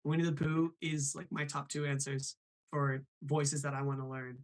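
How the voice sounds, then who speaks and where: A man hosting a live stream in a casual, chatty way, apologetic and quick to laugh. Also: fairly high pitch, little pitch movement.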